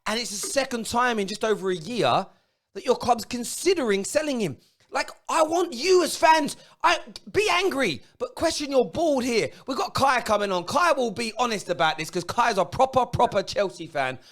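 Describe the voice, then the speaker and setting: A man's voice: extremely high pitch, animated, moderate pace. A man hosting a football fan phone-in, ranting and swearing at viewers. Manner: ranting, swearing, shouting at fans. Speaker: football talk show host.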